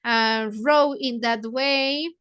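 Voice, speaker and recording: Woman, book club leader, bright, high voice. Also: steady tone, drawn-out words, clear, resonant tone. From Mexico. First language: Spanish. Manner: paraphrases lines, glosses words in Spanish. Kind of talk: explaining a novel to English learners.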